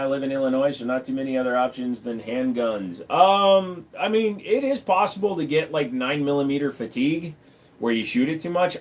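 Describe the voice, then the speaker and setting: Blunt, profane man chatting on a livestream. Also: medium pitch. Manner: blunt, profane, rambling, reads chat aloud. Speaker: livestream host. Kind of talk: casual livestream chat.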